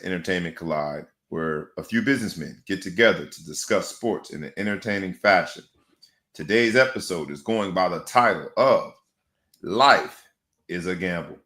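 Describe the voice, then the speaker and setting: Deep-voiced showman sports host. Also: fairly bright tone. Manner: showman, rhymes, big emphatic swings. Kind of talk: sports talk show hosting. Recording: echoey room.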